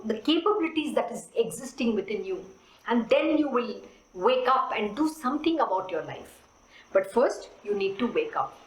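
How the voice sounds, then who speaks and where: A woman's voice: a little high, roomy sound, rough recording. A woman giving a spiritual discourse on scripture, earnest and questioning, repeating points for emphasis. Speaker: spiritual teacher.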